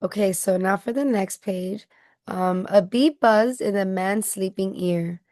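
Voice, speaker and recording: A woman teacher reading a picture book aloud to children and stopping often to ask them gentle questions. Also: mid-range voice, a little slow, dry recording, studio quality. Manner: gentle questioning, checking in with listeners.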